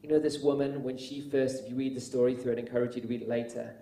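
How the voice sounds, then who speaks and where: A man preaching a sermon, telling stories earnestly and rising to loud, emphatic peaks. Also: medium pitch, steady tone, quick pace, vocal fry. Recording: echoey room.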